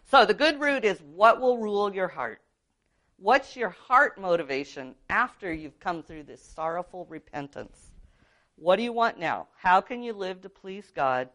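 A woman with a somewhat low speaking voice teaches biblical counseling. She talks earnestly and casually, checking in with her listeners as she goes. She sounds middle-aged and comes from California. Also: fairly bright tone. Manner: earnest, conversational, frequent "um" and "right?". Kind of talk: teaching talk with personal testimony.

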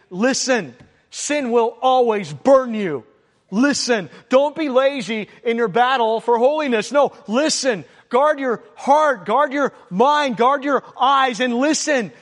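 A man preaching a sermon, emphatic and repeating his exhortations. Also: high-pitched. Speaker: pastor. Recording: long hall reverb.

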